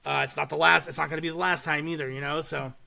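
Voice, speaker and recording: A young man hosting a podcast, casually and excitedly retelling a short horror film with swearing and laughter. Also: a little high, fast talker, creaky. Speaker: podcast host. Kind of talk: casual chat.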